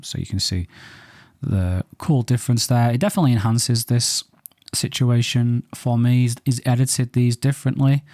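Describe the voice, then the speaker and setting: A man's voice: mid-range voice, moderate pace, a little mellow, no echo, clean studio sound. A man hosting a photo reaction show, chatting casually and thinking aloud with playful banter. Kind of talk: casual commentary on viewer photos.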